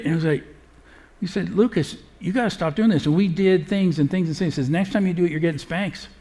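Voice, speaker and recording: A middle-aged parenting speaker gives a live talk to an audience, earnest and conversational, with frequent filler sounds. His voice sits high and has a slightly mellow quality.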